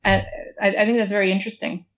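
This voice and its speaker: A woman's voice: medium pitch, flat delivery, poor audio. A woman in a casual panel discussion, reflecting aloud and restarting her sentences as she thinks. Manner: reflective, halting, many restarts.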